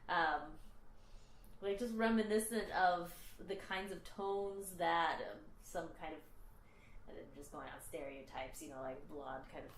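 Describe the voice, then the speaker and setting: Lower-voiced reflective woman, echoey room. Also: steady tone, unhurried, a little hiss or hum. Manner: reflective, thinking aloud with hedges. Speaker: podcast host. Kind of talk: casual chat.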